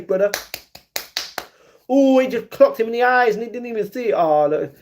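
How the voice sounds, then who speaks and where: A man live-streaming who reads his viewers' chat aloud and argues back, with excited reactions to a fight he is watching. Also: sits high, normal speed. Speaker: livestreamer. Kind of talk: casual livestream chat.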